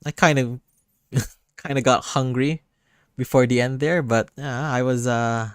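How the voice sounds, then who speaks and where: A man's voice: mid-range voice, steady tone, unhurried, clear, resonant tone, no room sound. A man hosting a late-night storytime stream, chatting in an easygoing, self-deprecating way. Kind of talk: casual livestream chat.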